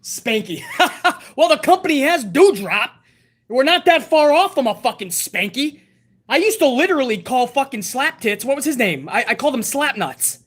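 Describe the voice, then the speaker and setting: A man talking on a live stream in a loose, casual way, swearing often and thanking viewers by name. His banter is relaxed and conversational, speaking straight to his audience. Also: very high-pitched, normal speed, slightly rough. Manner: profane, laid-back banter, reading viewer messages.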